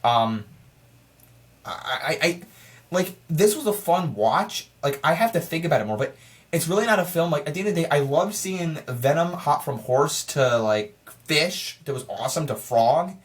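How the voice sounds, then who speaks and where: An excitable reviewer talks through a film in a loose, casual vlog style, often stalling and restarting sentences with stammered repeats. The voice sits at an ordinary middle pitch and moves at a moderate pace, piling up frustrated questions and rhetorically asking itself things.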